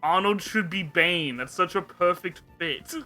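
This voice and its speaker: A man's voice: sits high, unhurried, sharp tone, soft background music. A young man hosting a casual podcast, animatedly retelling scenes with jokes and swearing. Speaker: podcast host.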